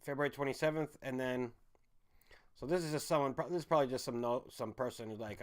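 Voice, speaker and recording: A man rambles through a livestream, ranting in a voice of middling pitch. He stumbles and restarts his sentences often and calls his listeners folks. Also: steady tone, a little fast. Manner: addresses the audience as folks and guys. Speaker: online commentary host.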